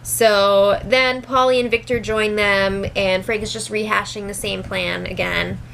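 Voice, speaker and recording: A woman's voice: medium pitch, steady tone, unhurried, vocal fry, a bit bright, a little hiss or hum, poor audio. A young woman giving a casual recap, chatty and laughing often as she retells what people said. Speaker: show recap host. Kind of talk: casual reality show recap.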